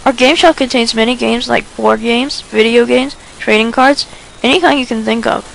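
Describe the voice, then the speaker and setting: A woman's voice: fairly high pitch, fairly even intonation, normal speed, gravelly, a little hiss or hum, poor audio. A woman voicing a friendly, eager teenage boy who explains things earnestly and at length.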